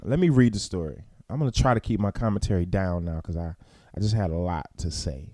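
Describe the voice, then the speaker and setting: A man hosting a morning talk show, giving preacherly, emphatic commentary that climbs to loud peaks and drops low. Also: brisk, dry recording, clean studio sound. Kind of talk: impassioned commentary and news reading.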